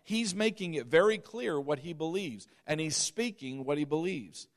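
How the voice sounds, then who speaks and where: A man's voice: fairly high pitch, expressive, moderate pace. A male pastor preaching a sermon, reading scripture aloud and repeating key phrases for emphasis, at times asking the congregation to repeat after him.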